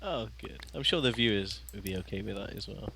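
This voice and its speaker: A man co-playing a let's play, talking casually with frequent laughs and lots of halting fillers. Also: lowish voice, expressive, vocal fry, sharp tone, breathy edge. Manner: chatty, laughs often, halting with many fillers. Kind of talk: casual gameplay chat.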